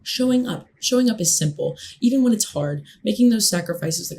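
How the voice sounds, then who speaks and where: A woman's voice: medium pitch, expressive, a little fast, dark tone. A young woman in a casual monologue, talking passionately and emphatically, with lots of swearing.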